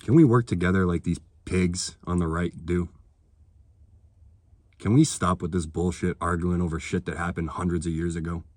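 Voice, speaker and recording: A man's voice: low-pitched, fairly even intonation, moderate pace, darkish tone, no room sound. A man delivering a heated, sarcastic political rant to his viewers, swearing freely. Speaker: political vlogger. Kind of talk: ranting monologue to camera.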